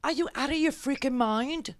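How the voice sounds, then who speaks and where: A woman's voice: high-pitched, moderate pace, very noisy. A middle-aged woman hosting a political talk radio show, ranting emphatically with many fillers and restarts. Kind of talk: opinionated political commentary.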